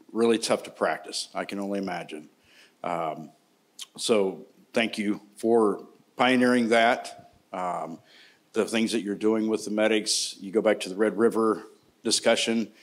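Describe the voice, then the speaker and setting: A middle-aged man from Indiana, a longtime paramedic, speaking on a conference panel in a casual, joking storytelling way. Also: on the low side. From Indiana, United States.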